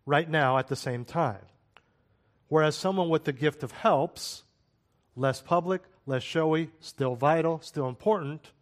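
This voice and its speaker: A man giving a sermon-style Bible teaching in a conversational way, with rhetorical questions and asides. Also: a little high.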